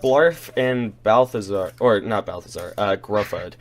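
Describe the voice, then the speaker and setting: A man running a tabletop game as game master, narrating in a relaxed way with frequent hesitations. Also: on the low side, measured pace.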